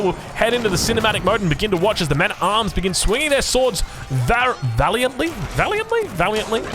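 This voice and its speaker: An Australian man casting a strategy game match solo, chatty and jokey, with frequent fillers and restarts. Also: a little high. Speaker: esports caster. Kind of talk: solo play-by-play game commentary.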